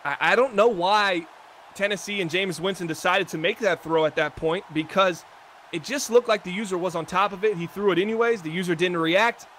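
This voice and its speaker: A man's voice: high-pitched, a little fast, fairly bright tone, a little hiss or hum. A man giving chatty, analytical color commentary on a video game football broadcast. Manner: analytical, chatty, self-deprecating.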